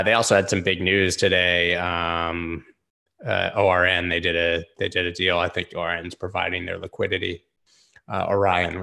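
Gravelly low-voiced man, casual and rambling. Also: bright, forceful tone. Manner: loose, rambling, peppered with "like" and swearing. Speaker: host. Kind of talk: casual live-stream chart analysis.

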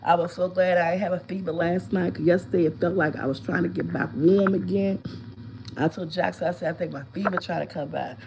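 A woman's voice: lowish voice, steady tone, brisk, gravelly, noisy background. Stuffed-up woman in her fifties chatting. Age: 50s. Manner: chatty storytelling, greeting viewers by name. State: congested with a cold, sniffling. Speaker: live stream host. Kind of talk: casual live-stream chat. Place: at home, lying down.

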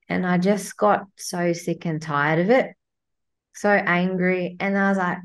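A woman's voice: on the low side, fairly even intonation, a little slow. Blunt, swearing woman. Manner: blunt, swears freely, acts out her inner voice. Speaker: guest, coach. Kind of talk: casual podcast chat.

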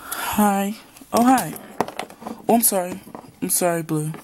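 A woman's voice: medium pitch, slow, noisy background. A woman performing a homemade drama, voicing several young men in casual, slangy back-and-forth dialogue. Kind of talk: homemade voiced drama, one performer doing all roles.

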